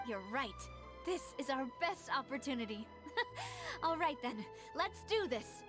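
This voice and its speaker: A woman's voice: high voice, sing-song, unhurried. A woman voicing a confident, upbeat young woman leading an investigation in a video game. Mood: determined. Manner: determined, cheerful. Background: game music.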